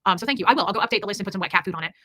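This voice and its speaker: Woman livestream host, breakneck rambling chatter, crisp and forceful, swears freely. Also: mid-range voice, lively intonation, rapid-fire, no room sound. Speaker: livestream host reading super chats. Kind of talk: casual livestream chat.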